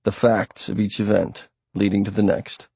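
A man narrating an audiobook in a steady, plain storytelling manner. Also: lowish voice, normal speed, creaky, slightly rough, no room sound. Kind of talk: scripted narration.

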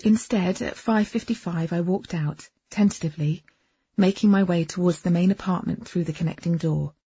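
Very husky woman narrating. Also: lowish voice, moderate pace, no room sound, lo-fi sound. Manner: expressive, lively first-person storytelling. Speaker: audiobook narrator. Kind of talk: first-person audiobook narration.

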